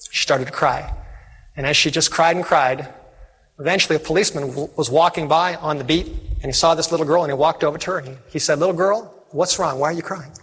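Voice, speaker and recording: A fervent male preacher delivers a sermon in a slightly raised, husky voice. His words ring with long reverb through a large hall, with faint music behind. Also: a little high, steady tone, quick pace, a bit bright. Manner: fervent, call-and-response. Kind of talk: evangelistic sermon.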